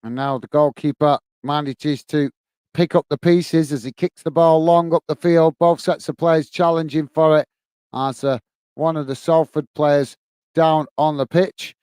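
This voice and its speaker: A man with a Northern Irish accent hosting a football watch-along stream, giving steady play-by-play and chatting in a friendly way as he reads viewer comments. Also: on the high side, unhurried, smooth, no room sound. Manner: friendly and chatty, often says "mate" while reading viewer comments. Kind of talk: live play-by-play commentary with chat.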